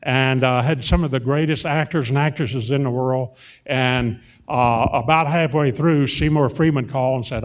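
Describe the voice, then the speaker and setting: A man's voice: medium pitch, normal speed. An older man from Arkansas with a Southern accent, telling meandering, folksy anecdotes on stage, stopping and restarting with many fillers. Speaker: guest, film and TV producer. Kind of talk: rambling storytelling before a live audience. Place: on stage at a public event.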